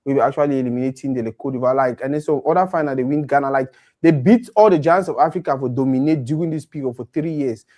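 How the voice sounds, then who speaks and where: A co-host with a Nigerian accent chats animatedly about football in a casual conversation, mixing Pidgin into his English. His voice sits at medium pitch and moves quickly.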